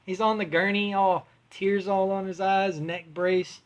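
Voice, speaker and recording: A man hosts a casual home podcast, telling a story with plenty of cursing and restarts. His voice sits a little high for a man. He talks in a loose, conversational way. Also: little pitch movement, unhurried. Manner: rambling, profane, restarts often. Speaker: podcast host.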